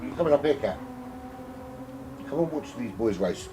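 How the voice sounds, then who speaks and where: A man's voice: mid-range voice, lively intonation, moderate pace, background noise. A man from South London with a South London accent, commentating on a sim race from home in a rambling, self-mocking, chatty way.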